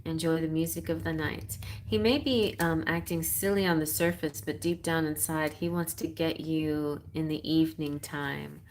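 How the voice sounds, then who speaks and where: A woman's voice: low-pitched, steady tone, normal speed, few pauses, a little hiss or hum. A woman giving a chatty live-stream tarot reading, giggling and reading card messages aloud. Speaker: tarot reader.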